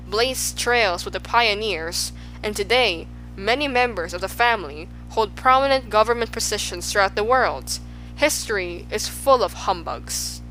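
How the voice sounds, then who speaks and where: A woman's voice: medium pitch, bright, forceful tone, rough recording. A woman voicing a pompous, boastful male humbug in a storybook, speaking in a blustering, grandiose way.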